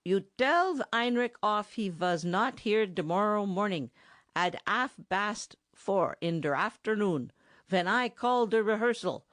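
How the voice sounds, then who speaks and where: A woman's voice: mid-range voice, animated, measured pace, fairly bright tone, no room sound, pitched above the performer's own voice. A woman voicing a bossy, pompous middle-aged German bandmaster who speaks mangled English with a thick German accent, in a dry audiobook recording. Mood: blustering. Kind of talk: audiobook character voice.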